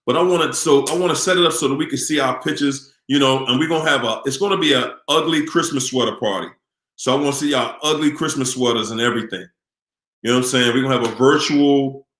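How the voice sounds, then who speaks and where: A man's voice: medium pitch, quick pace, a bit bright. Man, live stream host, casual sign-off, upbeat, greets viewers by name, echoey room.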